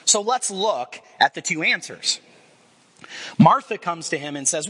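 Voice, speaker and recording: A man in his forties preaching a sermon, telling the story with lively acted-out quotes. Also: fairly high pitch, moderate pace, breathy edge. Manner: animated storyteller acting out quoted voices. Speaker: pastor.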